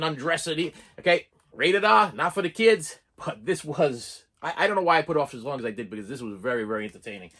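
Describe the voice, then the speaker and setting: A man with a husky, slightly raspy voice talks through his movie collection in a loose, rambling vlog style. He pitches a little higher than most men, keeps restarting his sentences, and wanders into side stories. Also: a bit bright. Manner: rambling, with frequent restarts and asides. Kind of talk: casual rambling vlog talk.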